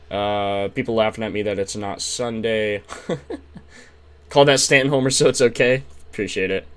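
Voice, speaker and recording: A young man talks casually on a live stream, full of slang and sudden excitement. His voice sits mid-range and drops into low mumbled fillers between quick bursts of hype. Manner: excitable, slangy, reads chat and shouts out subscribers; frequent fillers, trails off into mumbles. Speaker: sports betting streamer.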